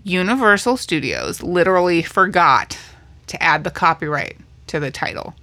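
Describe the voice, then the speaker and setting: Chatty woman podcast co-host, slightly low, bright voice, easy trivia talk. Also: animated, normal speed. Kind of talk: casual movie chat.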